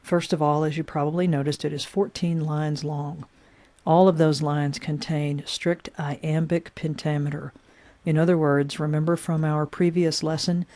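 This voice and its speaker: A woman's voice: low-pitched, a little mellow, dry recording. A woman teacher explaining sonnet form step by step in a recorded lesson, with frequent "uh" fillers.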